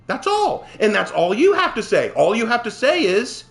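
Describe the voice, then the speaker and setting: A male streamer rants at his chat while he plays, heated and indignant. His voice sits high and leaps around in pitch as he pushes back at viewers by name. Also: wildly swooping pitch, normal speed, a bit bright. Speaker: streamer and writer. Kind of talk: live-stream rant to chat while gaming.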